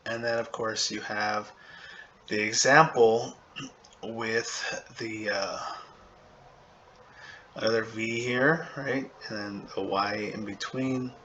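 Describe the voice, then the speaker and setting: A man teaching a casual video lesson on a language, thinking aloud with fillers and checking in with "okay?" and "right?", and slowly sounding out example words. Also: lowish voice, fairly even intonation, pushed and bright, muffled recording, a little hiss or hum.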